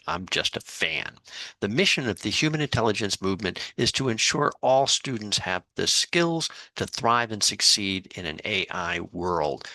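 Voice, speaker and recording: Bright-voiced podcast host man. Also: lowish voice, no room sound. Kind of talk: podcast hosting and ad read.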